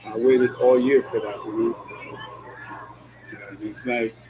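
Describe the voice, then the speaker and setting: Speaking slowly and flatly in a mid-range voice, a man vlogs while driving, with music and crowd noise behind him. He talks casually in slang, peppering in "yo" and "you know what I'm saying" and laughing often between lines. The audio is poor.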